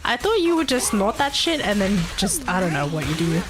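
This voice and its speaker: A woman's voice: mid-range voice, sing-song, brisk. Stuffy-nosed young woman streamer chatting. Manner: chatty, swearing, laughing often, reading chat aloud. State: blocked nose, sounds stuffy. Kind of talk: casual live-stream chat.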